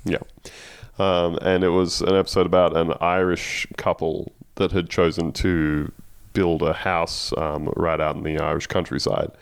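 A man's voice: deep voice, level tone, unhurried, gravelly, clean tone, no echo. A man co-hosting a podcast, casually recapping a TV episode with wry, sardonic commentary. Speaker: podcast co-host.

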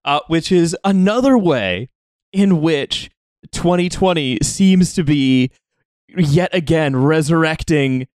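A man hosting a podcast, talking in casual chat with many halting restarts. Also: on the high side, a little mellow, dry recording, clean studio sound. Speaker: podcast host.

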